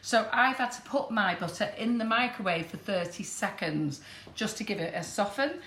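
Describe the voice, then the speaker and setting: A woman's voice: mid-range voice, lively intonation, moderate pace. Northern English woman, live kitchen demo host, chatty and giggly, echoey kitchen, faint background noise. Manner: chatty and warm, laughs often. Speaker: baking demonstrator. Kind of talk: live baking demonstration chat.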